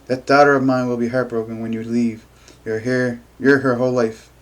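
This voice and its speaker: A man voicing a kind, sympathetic woman neighbor who speaks softly and gently. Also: medium pitch, little pitch movement, moderate pace, lightly acted, rough recording. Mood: gentle.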